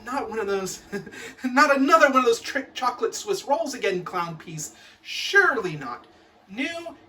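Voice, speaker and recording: A woman's voice: on the high side, fairly bright tone, distant mic, a little hiss or hum. A woman performing a comic recital of poems in a mock-stern, theatrical teacher's tone.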